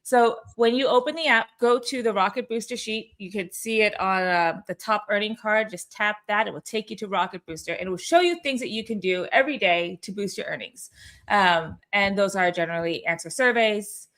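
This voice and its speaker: A woman's voice: medium pitch, fairly quick, a bit bright. A woman hosting a weekly company call in a casual, upbeat, chatty way, with many fillers and restarts. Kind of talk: casual livestream chat.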